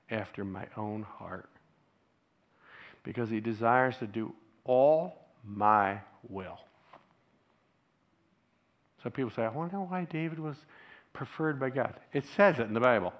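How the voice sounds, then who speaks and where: Male pastor, lowish voice, chatty storyteller who laughs a lot while preaching in church. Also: creaky. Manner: storytelling, chuckles often, animated when quoting others. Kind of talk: sermon.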